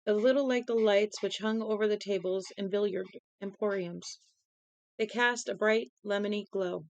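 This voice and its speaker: Reading a novel to viewers on a live stream, this young woman yawns and seems worn out, yet stays talkative, pausing to toss casual asides to chat. Her pitch is medium and her pace moderate, and the recording sounds muffled.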